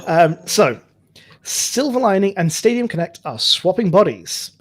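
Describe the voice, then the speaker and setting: A man's voice: sits high, sing-song, unhurried. A man co-hosting a show, explaining the rules of a challenge in a rambling, chatty way with many fillers. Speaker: co-host. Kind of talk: casual chat.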